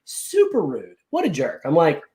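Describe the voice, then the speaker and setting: Animated man telling a story. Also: fairly high pitch, normal speed. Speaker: guest. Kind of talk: casual chat.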